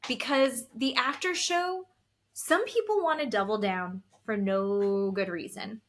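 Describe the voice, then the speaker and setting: A woman's voice: a little high, measured pace. A woman co-hosting a podcast in casual chat, telling blunt, opinionated stories. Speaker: podcast co-host.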